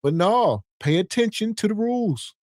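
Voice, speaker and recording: A man hosts a podcast and reacts to clips in a laid-back, exasperated way. His voice sits a little high for a man, and the sound is close and dry. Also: animated, normal speed, a little mellow, no echo. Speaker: podcast host. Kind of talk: casual commentary.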